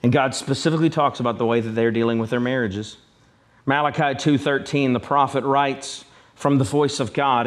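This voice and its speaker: A man's voice: mid-range voice, fairly even intonation, normal speed. A male pastor preaching a sermon, emphatic and repetitive, speaking directly to his congregation.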